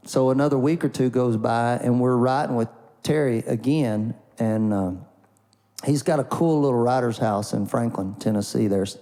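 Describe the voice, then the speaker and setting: A man's voice: medium pitch, vocal fry, mellow, long reverb tail. A man, a country songwriter, telling a story in a folksy, rambling way, often repeating "and, and" and "uh" between thoughts. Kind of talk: storytelling before an acoustic song.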